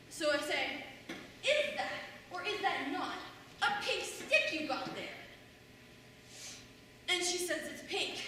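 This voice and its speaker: A woman's voice: high voice, pushed and bright. A young woman acting a wry, bitter middle-aged mother in a stage monologue, telling a story with sardonic humor and mimicking others. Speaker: student actor. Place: school stage in a large hall. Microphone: distant room mic. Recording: echoey hall from far off, faint noise.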